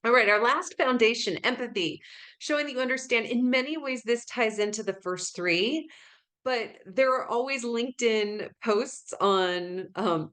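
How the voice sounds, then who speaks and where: A woman's voice: fairly high pitch, a bit bright. A woman leading a workplace communication webinar over a video call, chatting to attendees by name and acting out tones of voice as examples. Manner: conversational, addresses attendees by name; demonstrates tones of voice in short acted examples. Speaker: webinar presenter. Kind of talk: live webinar teaching.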